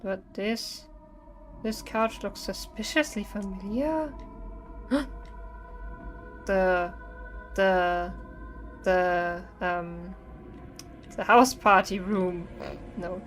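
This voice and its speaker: A young woman streaming horror games, chatting nervously and singing to herself to stay calm. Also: mid-range voice, extremely slow, long pauses. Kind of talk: live-stream gameplay commentary. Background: faint game music.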